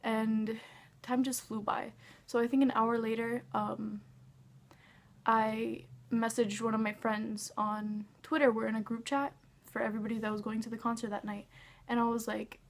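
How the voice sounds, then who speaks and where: A woman's voice: a little high, little pitch movement, normal speed. A young woman telling a casual storytime vlog about meeting her idol. She gushes, says "like" constantly and acts out what everyone said. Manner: gushing, says "like" a lot, acts out quotes. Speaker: fan telling a concert story.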